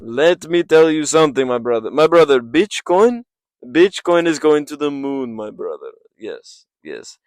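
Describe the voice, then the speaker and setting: A man doing an impression of a boastful male fighter who keeps calling people brother, with loud, exaggerated delivery. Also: a little high, sing-song, a little slow, dry recording, voice pushed up. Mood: boastful hype.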